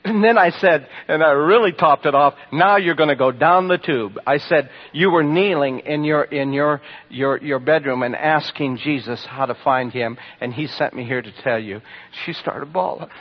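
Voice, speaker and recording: A man preaching, telling testimony stories to a congregation, swinging from loud bursts to hushed lines. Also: on the high side, moderate pace, few pauses, slightly rough. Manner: storytelling, animated with sudden loud bursts and hushed drops. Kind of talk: sermon testimony. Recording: dull lo-fi sermon recording.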